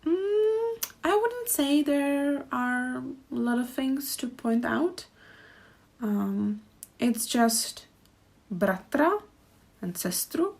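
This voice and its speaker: A woman's voice: high-pitched, very animated, extremely slow, gravelly. A woman teaching a pronunciation lesson, speaking carefully and repeating each phrase so learners can practice. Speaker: Czech language teacher.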